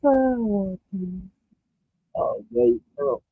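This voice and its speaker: A young man rambles and rants through a casual live stream, swearing freely and giggling easily. His voice sits fairly high and swings widely, with a gravelly, husky edge. He talks slowly and sounds dry and close. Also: big pitch swings, no echo, phone-quality sound. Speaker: streamer watching a football match.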